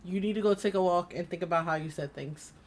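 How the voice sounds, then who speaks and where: A woman's voice: lowish voice, fast. A woman streaming a game, chatting casually, rambling through stories and laughing often.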